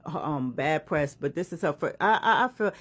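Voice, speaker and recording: A woman's voice: low-pitched, normal speed. A woman reading a celebrity news article aloud and reacting to it with frequent exclamations and asides, in a casual commentary style. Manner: animated, exclaiming and interrupting her own reading.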